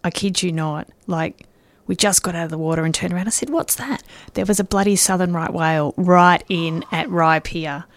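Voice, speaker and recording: Woman guest; lowish, animated storyteller, dry studio sound. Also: a little fast, few pauses, no echo. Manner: animated storyteller, repeats words. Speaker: musician guest. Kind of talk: casual interview chat.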